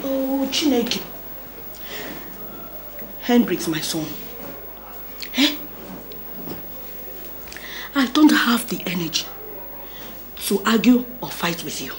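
A woman's voice: high voice, very animated, measured pace, noisy background. A woman with a Nigerian accent playing a stern aging mother who forbids her son's marriage, in a film drama. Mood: weary. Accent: Nigerian English. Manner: pleading then threatening, emotional. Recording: film soundtrack with music.

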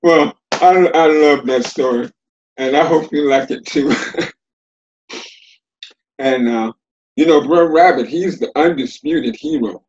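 Brief: older male folktale teller, animated sing-song delivery, dialect-rich and folksy. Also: a little high, muffled recording. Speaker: storyteller. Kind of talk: folktale storytelling.

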